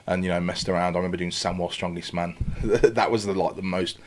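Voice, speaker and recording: A man on a podcast, talking quickly in a fairly low voice. He tells his story with lively energy and drops into his own past voice to act out what he was thinking. He swears often and loosely, in a relaxed chat. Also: a little hiss or hum. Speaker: podcast guest. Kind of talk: casual podcast interview.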